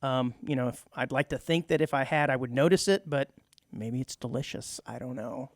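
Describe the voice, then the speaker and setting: A man's voice: mid-range voice, moderate pace, dry recording, studio quality. A man co-hosting a community radio talk show, chatting and joking while reading out news items. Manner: chatty, jokey, reads news items aloud. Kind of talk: casual studio chat. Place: radio studio.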